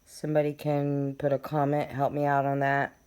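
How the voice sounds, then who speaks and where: A woman's voice: sits low, completely flat delivery, moderate pace, a little mellow, clear, resonant tone. A woman talking casually to her viewers as a true crime vlogger, reading from case documents and making her points emphatically. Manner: chatty, addresses viewers directly, reads documents aloud. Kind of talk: casual talk to camera.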